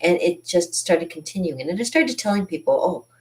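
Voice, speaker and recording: A woman's voice: lowish voice, lively intonation, a little fast. A woman in her fifties telling self-deprecating stories in a rambling casual monologue, often laughing at herself. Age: 50s. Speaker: artist and channel host.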